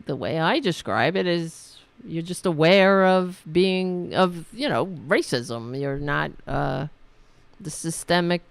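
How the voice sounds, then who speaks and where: A woman hosting her own talk show, chatting loosely as she signs off, her voice worn and going hoarse. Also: deep voice, no room sound. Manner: rambling, chatty, trails off and restarts. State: losing her voice. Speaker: podcast host. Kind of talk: casual talk show sign-off.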